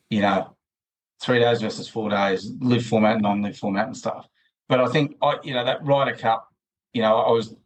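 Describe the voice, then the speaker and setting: A man's voice: medium pitch, low-quality recording. A man with an Australian accent, a podcast guest talking at length in a loose, rambling way full of restarts. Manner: rambling, many restarts and fillers. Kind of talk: casual interview chat.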